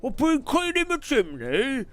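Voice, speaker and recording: A man's voice: very high-pitched, huge pitch swings, unhurried, faint music behind, pitched above the performer's own voice, heavily acted. A man putting on a rowdy drunk London pub bloke with a London accent. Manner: loud, slurring, jeering banter.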